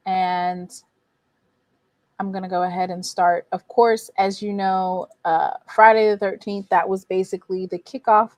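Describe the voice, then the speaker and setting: A woman with a mid-range voice hosts a casual sports recap stream, addressing viewers as y'all and reacting to scores with exasperation. There's no room sound.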